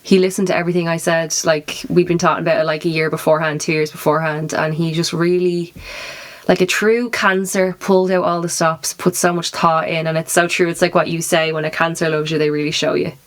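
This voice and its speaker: A woman's voice: low-pitched, little pitch movement, brisk. A young adult woman co-hosting a podcast, chatting casually, giggly and full of fillers. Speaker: podcast co-host. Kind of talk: casual chat.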